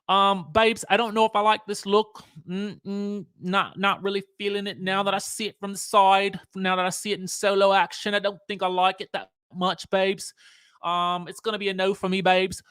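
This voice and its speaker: A young man, hosting a casual live stream in a sassy, playful, animated way, repeating words for effect. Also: high voice, normal speed, clean tone, no room sound, studio quality. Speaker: host.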